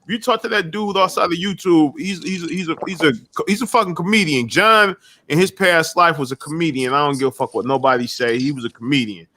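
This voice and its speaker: A man's voice: a little high, fairly quick, pushed and bright. A man chatting casually as a guest creator, talking emphatically with lots of profanity, repeating himself and restarting his sentences. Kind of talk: casual chat.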